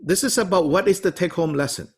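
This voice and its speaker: A man's voice: quick pace, husky. A man teaching a study class, answering a student with rhetorical questions and small laughs. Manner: animated, wide-ranging pitch, rhetorical questions, small laughs.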